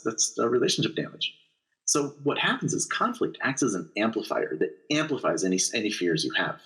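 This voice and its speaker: A man's voice: on the low side, rough recording. A middle-aged man, a negotiation lecturer and author, giving explanatory answers in an interview and acting out bits of dialogue as examples. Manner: animated, acts out dialogue examples.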